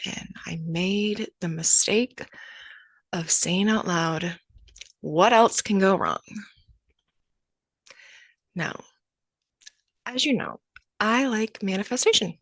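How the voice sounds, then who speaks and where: A woman's voice: fairly low pitch, unhurried, pauses often, fairly bright tone, no echo. A young adult woman hosting her own podcast, telling a personal story in a candid, conversational way and acting out the exchanges she describes. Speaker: podcast host.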